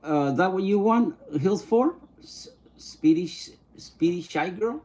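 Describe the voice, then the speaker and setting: A man's voice: high voice, animated, a little mellow. Laid-back man on a livestream. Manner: easygoing, mixes English and Spanish slang, sounds out names slowly. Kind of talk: casual live-stream chat, reading viewer comments.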